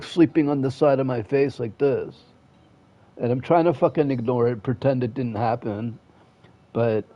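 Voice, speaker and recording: A man streams a video game, his medium-pitched voice captured on dull audio. He rambles in aggrieved casual chat, swearing all the time, trailing off mid-sentence and restarting restlessly.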